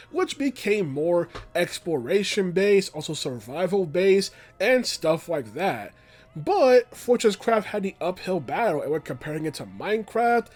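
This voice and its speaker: Rambling young man with a higher voice. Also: a little mellow. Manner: rambling and conversational, filler phrases. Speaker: video essay creator. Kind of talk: casual commentary video essay.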